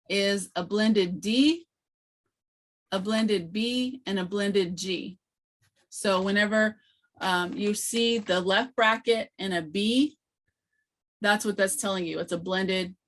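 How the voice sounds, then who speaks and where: A woman leads an online training session for teachers and explains each sound patiently. She talks slowly and fills her pauses with many "um"s. Her voice comes through a computer mic on a video call. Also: mid-range voice.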